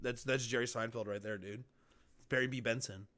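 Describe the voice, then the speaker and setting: A young man giving casual reaction commentary to a video, excitable and swearing. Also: medium pitch, fairly quick. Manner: excitable, swearing, breaking into loud outbursts.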